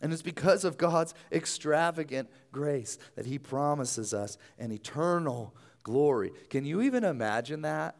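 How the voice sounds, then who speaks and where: A man preaching a sermon as pastor, earnest and conversational, often dropping to a soft low voice. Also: expressive, a little slow, vocal fry, few pauses.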